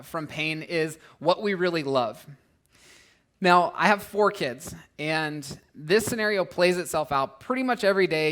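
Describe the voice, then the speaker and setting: A man's voice: a little high, fairly bright tone. Earnest male pastor preaching conversationally. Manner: earnest, conversational preaching with frequent "right?" asides; acts out voices and rises in volume for emphasis. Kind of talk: sermon. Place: church.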